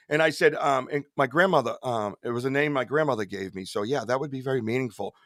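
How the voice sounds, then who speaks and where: Guy hosting a live podcast, bright voice, rambles and swears and laughs a lot, dry close mic. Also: mid-range voice, fast, few pauses, dry recording. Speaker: podcast host. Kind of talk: casual live-stream chat.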